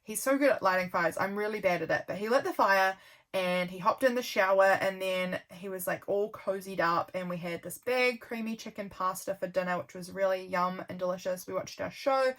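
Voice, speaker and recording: A woman's voice: medium pitch, a little fast, fairly bright tone. A young woman, chatting casually and rambling with lots of ums while flipping through her journal. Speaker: journaling vlogger.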